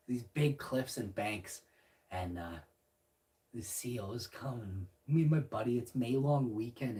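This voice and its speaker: A man's voice: medium pitch, animated, normal speed, far from the mic. Brash man, set back from mic. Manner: brash, profane, rambling, acts out his own shouts. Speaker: live streamer. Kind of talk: casual storytelling monologue. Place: home room at night.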